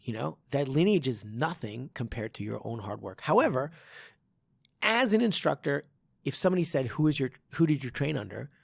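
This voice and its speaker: A man hosting a podcast and telling animated stories as a martial arts instructor in casual chat. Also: medium pitch, normal speed, creaky, slightly rough, no echo. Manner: animated storytelling with frequent laughs.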